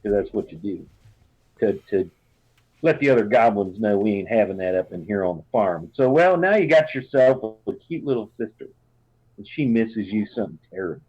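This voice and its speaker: A man's voice: lowish voice, animated, normal speed, slightly rough. A man voicing a fierce, doting farm mother with an American Southern drawl, reading out a rambling letter home. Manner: warm, rambling, folksy drawl. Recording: dull lo-fi sound.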